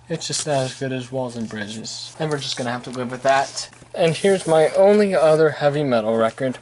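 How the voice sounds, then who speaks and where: A man's voice: medium pitch, a little hiss or hum, rough recording. A man hosting his own channel, giving casual, rambling album reviews with tongue-in-cheek, mock-prudish asides. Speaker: channel host reviewing vinyl records.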